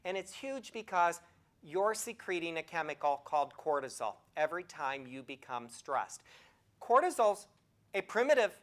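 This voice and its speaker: Speaking at a moderate pace in a fairly low voice, a woman in her sixties who teaches nursing presents a health talk as a lively storyteller, asking the audience questions outright.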